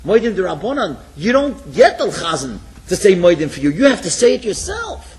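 A man giving a sermon, telling a story with lively acted-out dialogue and hushed, reverent asides. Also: high-pitched, moderate pace, few pauses, rough recording. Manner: animated storyteller, acts out dialogue, drops to a hush.

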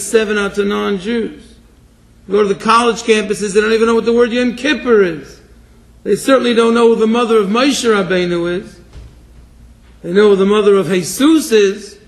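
Man, very high voice, sermon, hushed storytelling, shouted exhortation. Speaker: rabbi.

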